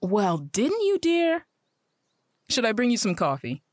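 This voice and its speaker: An actress playing a teasing, dismissive wife in an old-time radio drama. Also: female voice, fairly high pitch, huge pitch swings, a little slow, dry recording, studio quality. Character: chiding wife, teasing and brisk.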